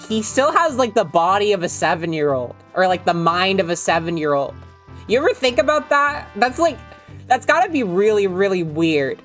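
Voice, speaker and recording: A woman casually chatting and swearing while streaming a video game, rambling with frequent laughs. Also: medium pitch.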